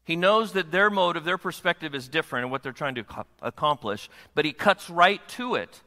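Pastor guy preaching, bright sharp voice, keeps asking the room questions, long church-hall echo. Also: a little high, lively intonation, fairly quick. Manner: asks the congregation frequent rhetorical questions. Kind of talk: sermon.

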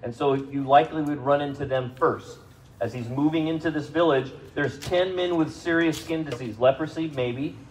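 A man preaching a sermon to a congregation, speaking conversationally, asking them questions and rising in pitch and volume for emphasis. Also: normal speed, slight background noise, low-quality recording. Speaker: pastor. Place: church service.

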